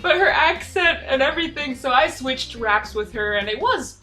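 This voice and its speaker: A young woman telling travel stories in a chatty, excitable, geeky vlog. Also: high voice, normal speed, soft background music. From United States. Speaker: travel vlogger. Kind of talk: casual storytelling vlog.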